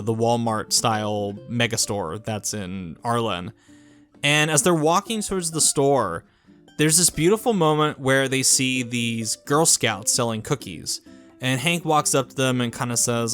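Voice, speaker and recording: A man's voice: medium pitch, fairly bright tone. A man giving a casual, earnest video review, talking in a rambling way with restarts and "like" fillers. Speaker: YouTube reviewer.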